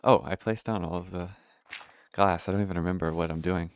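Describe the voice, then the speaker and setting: A gameplay streamer with a deep voice and steady tone talks briskly while playing, giving rambling, casual commentary full of swearing and self-mockery. He sounds out of breath, and there's a little hiss or hum.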